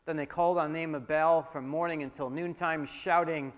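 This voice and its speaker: A man's voice: fairly high pitch, steady tone, brisk. A male pastor giving a sermon, reading scripture aloud dramatically in a church hall. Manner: dramatic reading, dropping soft for prayer. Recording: long hall reverb.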